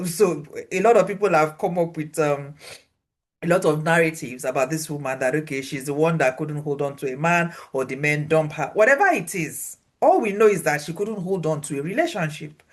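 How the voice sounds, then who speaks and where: A woman preaching a sermon, animated, repeating phrases for emphasis and swinging her pitch widely as she acts out voices. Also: brisk.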